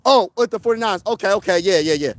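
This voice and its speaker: A man hosting a casual sports talk stream outdoors, answering his chat in an excitable, slangy way and repeating himself for emphasis. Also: sits high, quick pace, poor audio. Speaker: sports channel host. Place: outdoors, windy.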